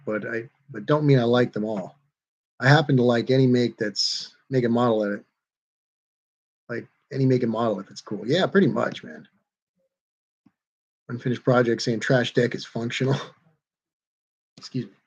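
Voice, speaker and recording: A man's voice: mid-range voice, moderate pace, pauses often, darkish tone, lo-fi sound. Laid-back man reading live chat. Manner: laid-back, reads viewer comments aloud and chuckles between them. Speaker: livestream host reading chat. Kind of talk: casual chat.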